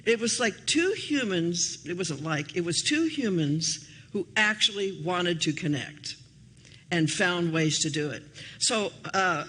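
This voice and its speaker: A woman's voice: a little slow, slight background noise. Older woman minister telling a sermon story. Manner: chatty and anecdotal, with lively shifts in pitch. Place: church hall.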